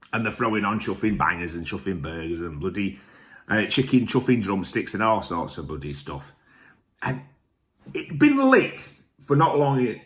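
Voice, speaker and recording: Animated, jokey man telling stories. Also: lowish voice. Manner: peppers every sentence with mild swearing; animated, jokey and self-mocking. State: tipsy from drinking whisky. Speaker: whisky reviewer and vlog host. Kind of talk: rambling casual storytelling.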